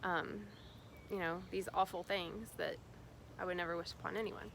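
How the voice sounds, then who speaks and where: A woman's voice: lowish voice, steady tone, normal speed, creaky, a bit bright, slight background noise. A woman from Indiana, a spiritual guide, talking casually and rambling with many fillers and restarts. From Indiana, USA. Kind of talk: casual spiritual vlog talk.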